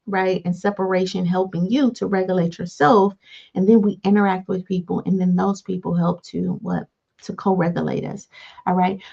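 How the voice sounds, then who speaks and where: A woman coaching listeners on healing, often pausing with "all right" between points. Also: mid-range voice, gravelly. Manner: repeats "all right" between points, acts out calm replies. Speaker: life coach. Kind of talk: motivational teaching talk. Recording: dull lo-fi sound.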